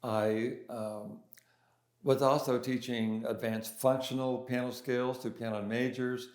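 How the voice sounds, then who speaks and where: A man's voice: medium pitch, flat delivery, slow, a little mellow. Older man telling stories in a roomy space. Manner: hesitant, many restarts and fillers. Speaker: interview guest, pianist and composer. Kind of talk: casual storytelling in an interview. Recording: roomy echo.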